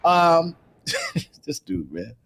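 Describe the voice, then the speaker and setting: A man hosting a casual live show, chatting and bursting into loud, laughing rants. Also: on the high side, big pitch swings, very slow, noisy background. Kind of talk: casual live-stream chat.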